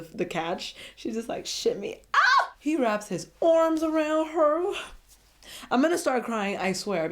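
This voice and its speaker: A woman's voice: on the low side, darkish tone. A woman giving a casual recap of a reality show, gushing and dramatic as she talks straight to her viewers.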